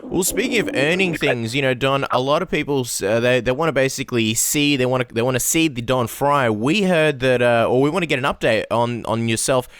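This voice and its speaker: A man's voice: medium pitch, a little fast, hardly any pauses, a bit bright, dry recording, studio quality. A man co-hosting a casual interview, chatty and joking as he asks questions. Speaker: podcast co-host.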